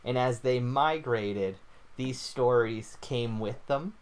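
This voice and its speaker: Casual guy co-hosting a podcast, goofy and rambling, middle pitch. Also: takes it slowly. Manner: jokey, rambling, explains theories with fillers. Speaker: podcast co-host. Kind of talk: casual chat.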